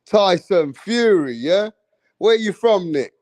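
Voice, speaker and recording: A man's voice: high-pitched, lively intonation, takes it slowly, a little mellow, no echo. A man hosting a casual live stream, chatting with viewers in hyped, profane, slangy banter.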